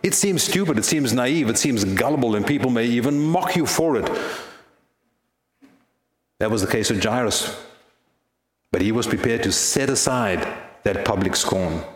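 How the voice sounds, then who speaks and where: A man's voice: medium pitch, expressive, moderate pace, long pauses, roomy sound. A male pastor giving a sermon in a church, earnest and fond of rhetorical questions.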